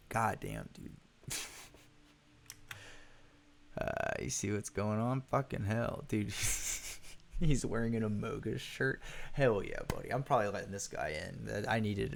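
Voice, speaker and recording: A man's voice: fairly low pitch, slow pace, vocal fry, pauses often, slight background noise. A young man giving casual let's play commentary on a horror game, joking, swearing and laughing. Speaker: gaming youtuber.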